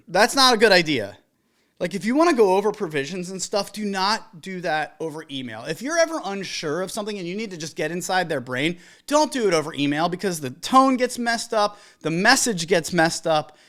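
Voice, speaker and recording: A wedding DJ hosting a casual podcast monologue, an animated storyteller who acts out the people in the stories. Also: mid-range voice. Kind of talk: casual podcast monologue giving business advice.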